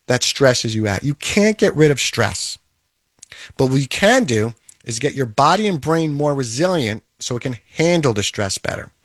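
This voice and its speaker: A man's voice: mid-range voice, dry recording, clean studio sound. A man giving an emphatic, repetitive motivational talk about toughness and handling emotions. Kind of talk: motivational monologue.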